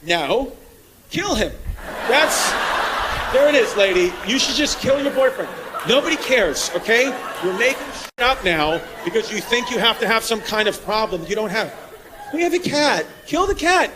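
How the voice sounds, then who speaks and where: A man doing a stand-up set in a comedy club, riffing loudly with the crowd and working the room. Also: very high voice, expressive, normal speed. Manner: loud, riffing, crowd work. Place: comedy club with live audience. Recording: live club recording with crowd noise.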